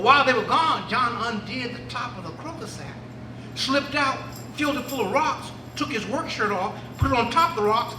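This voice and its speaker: A male griot storyteller performing a folktale live in an event hall, playful and drawing the audience in. His voice is very high and bright. The sound is distant, with a roomy echo and faint background noise. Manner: lively, playful, engages audience to join in. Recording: echoey room from a distance.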